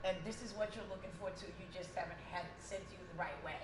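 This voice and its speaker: A woman's voice: on the low side, fairly even intonation, very fast, slight background noise. A woman co-hosting a casual chat show, talking emphatically and laughing easily. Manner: emphatic, talks over others, laughs easily. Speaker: co-host.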